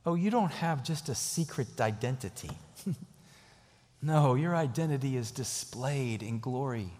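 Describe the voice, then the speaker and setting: Earnest preacher in an echoey hall. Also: male voice, mid-range voice, darkish tone. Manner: earnest, emphatic repetition, chuckles while telling stories. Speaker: pastor. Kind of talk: sermon with storytelling and closing prayer.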